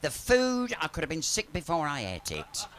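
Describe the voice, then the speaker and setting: A man's voice: on the high side, wildly swooping pitch, moderate pace, fairly bright tone, a little hiss or hum, heavily acted. A man voicing a blunt, gossipy woman hairdresser who moans and swears crudely. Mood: gossipy, moaning. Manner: complaining, crude. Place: pub stage, live audience.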